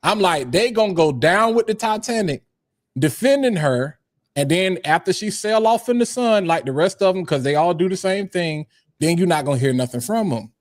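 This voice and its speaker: A man's voice: sits high, animated, normal speed, no room sound, studio quality. A man on a business panel, talking in a blunt, slangy, opinionated way. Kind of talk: casual panel discussion.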